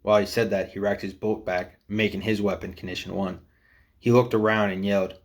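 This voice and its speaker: Deep-voiced man narrating a story. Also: little pitch movement, brisk. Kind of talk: first-person story narration.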